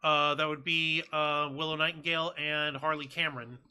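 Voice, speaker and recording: A man with a very bright, somewhat high voice trades podcast banter about wrestling. He reacts bluntly and sarcastically and swears often. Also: little pitch movement, normal speed, clear, resonant tone. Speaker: wrestling show co-host.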